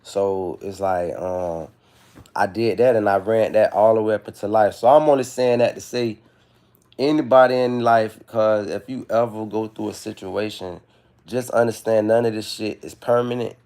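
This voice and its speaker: A young livestream host rambles frankly from his phone, swearing freely while opening up about heartbreak in candid, confessional talk. His voice is lowish and darkish, with fairly even intonation at normal speed.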